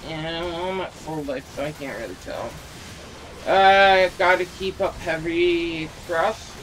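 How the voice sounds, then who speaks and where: Slow-talking man joking over gameplay. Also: a little high, a bit bright, a little hiss or hum. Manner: joking, self-mocking, swears freely. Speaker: gaming video creator. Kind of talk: casual gameplay commentary.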